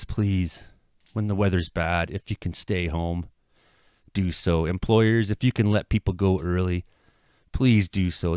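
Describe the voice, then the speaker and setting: A middle-aged man from Canada, a local weather vlogger, giving an earnest, halting apology that swells into impassioned outbursts. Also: low voice, smooth, dry recording, studio quality. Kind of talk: emotional apology monologue. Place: his home.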